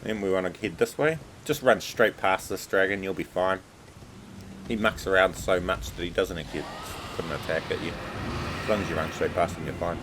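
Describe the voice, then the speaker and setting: Low-voiced man giving casual game commentary. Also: a little fast, a little hiss or hum, low-quality recording. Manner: relaxed, chatty, repeats filler words like "obviously". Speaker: game walkthrough narrator.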